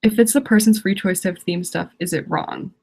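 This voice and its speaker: Gravelly-voiced teen girl ranting. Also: medium pitch, brisk, a little mellow. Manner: exasperated, rambling, laughs often. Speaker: live streamer. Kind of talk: casual live-stream rant.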